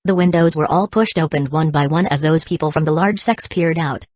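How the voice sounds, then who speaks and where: Brief: female audiobook narrator, deep for a woman, steady delivery, dry booth sound. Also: fairly quick, few pauses, no room sound. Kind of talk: scripted narration.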